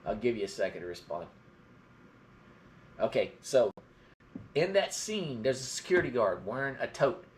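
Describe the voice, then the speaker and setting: This middle-aged Georgia man, with a soft Southern drawl, wanders through stories on a laid-back live stream. He's very animated at a medium pitch, keeps a moderate pace with long pauses, and slight background noise is present.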